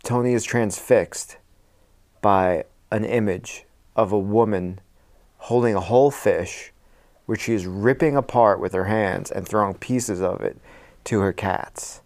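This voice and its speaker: A man's voice: on the low side, measured pace, a little mellow. A man co-hosting a podcast, animatedly improvising a horror story with hammy flair. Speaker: podcast co-host.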